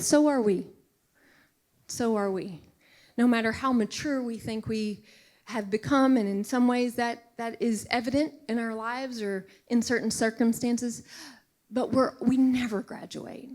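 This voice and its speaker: Middle-aged woman preacher, fairly high voice, earnest and emotional sermon delivery with hushed asides. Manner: earnest, emotional, drops to a hushed whisper for emphasis.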